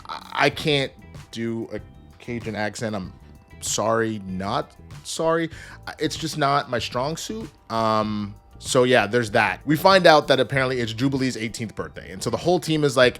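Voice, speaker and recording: A man in his thirties giving an energetic, joking casual spoiler review, swearing and acting out characters. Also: mid-range voice, moderate pace, faint music behind. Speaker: show reviewer.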